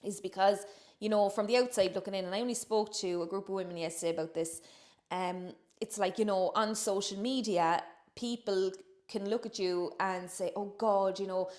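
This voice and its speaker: A woman's voice: medium pitch, steady tone, moderate pace, darkish tone, roomy sound. A woman co-hosting a casual chat, talking in a reflective, chatty way. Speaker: podcast co-host.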